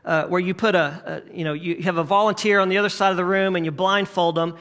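A man preaching a sermon, swinging from emphatic questions to hushed near-whispers. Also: sits high, fairly even intonation, fast talker. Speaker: pastor.

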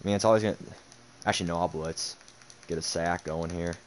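A young man talks over his own football video game as he plays it, with a low voice. He mutters sarcastic remarks and curses in frustration at his opponent. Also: fairly even intonation, a little fast, a little hiss or hum. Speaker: gaming streamer. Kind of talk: live game commentary.

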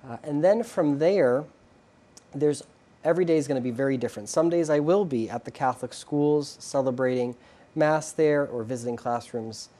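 A man, a Catholic priest, calmly explaining his work in a TV interview. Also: mid-range voice, normal speed. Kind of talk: interview answers.

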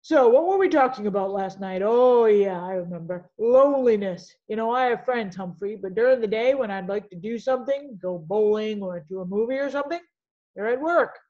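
A woman voicing a cheerful, loud man, a friendly night janitor, chatting in a jovial way. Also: animated, a little fast, lo-fi sound, natural voice. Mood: chatty. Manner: booming, jovial.

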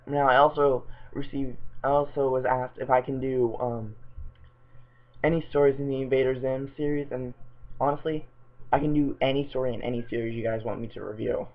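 Male host, mid-pitched, reads bad fanfiction aloud with sarcastic asides, tinny lo-fi sound. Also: steady tone, normal speed. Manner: stumbles over misspelled words while reading, sarcastic. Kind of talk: reading stories aloud with mocking asides. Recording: tinny lo-fi home recording.

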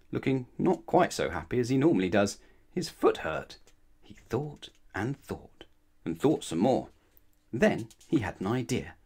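Male bedtime storyteller, lowish voice, lively delivery, asks the child questions. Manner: expressive, asks the listener questions. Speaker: storybook reader.

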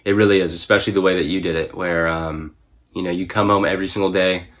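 A man with a low voice offers his congratulations in a halting way, pausing often on ums and uhs. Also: steady tone, fairly bright tone. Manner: halting, many fillers. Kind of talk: recorded video message.

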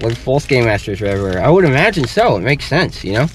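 A man's voice: mid-range voice, sing-song, fast. A man in his thirties, a father hosting a family adventure vlog, talking playfully and explaining things to his kids. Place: outdoors then inside a shop. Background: music.

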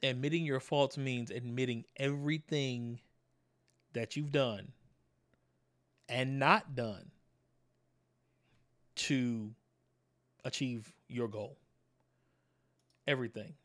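Slow and pausing often, a man with a mid-range, fairly bright, steady voice gives a motivational talk to camera. He speaks straight to his audience, peppering them with rhetorical questions and repeating key words to drive points home.

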